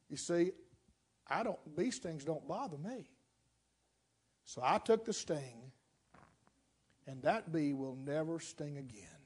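High-voiced preacher telling a dramatic story. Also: male voice, animated, slow, long pauses, slightly rough. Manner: dramatic storytelling, swings between loud and hushed. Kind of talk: sermon.

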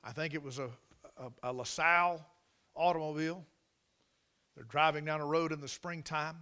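A man preaching a sermon through a dramatic story, swinging between loud outbursts and hushed passages. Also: a little high, steady tone, normal speed, clean tone.

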